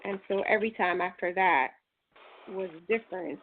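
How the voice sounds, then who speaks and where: A woman interviewer asking gentle, probing follow-up questions. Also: medium pitch, normal speed, slight background noise. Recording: tinny phone-like sound.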